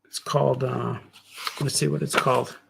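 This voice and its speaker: Gravelly middle-aged man rambling while drawing. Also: medium pitch, flat delivery, normal speed, background noise. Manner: joking, self-mocking asides. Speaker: cartoonist streamer.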